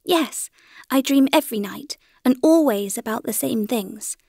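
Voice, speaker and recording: A woman's voice: a little high, measured pace, vocal fry, mellow, dry recording, studio quality. A woman voicing a frightened, homesick little girl in an audiobook, speaking small, trembling and earnest. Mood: timid, tearful. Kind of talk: audiobook character reading.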